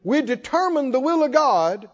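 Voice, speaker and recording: A man's voice: very high voice, big pitch swings, normal speed. A man preaching a sermon in a folksy way, calling out to the congregation. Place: church hall. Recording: muffled hall reverb.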